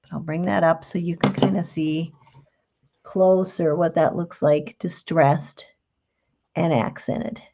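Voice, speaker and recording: A woman's voice: low voice, steady tone, takes it slowly, creaky, dark tone, lo-fi sound. A middle-aged woman hosting a live craft demonstration, chatting in a homey, explanatory way. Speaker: craft show host.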